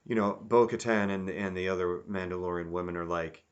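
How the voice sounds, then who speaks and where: A man giving a rambling, casual review, animated and acting out quotes in mock voices. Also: deep voice, a little fast, clean tone, dull audio. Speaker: YouTube reviewer.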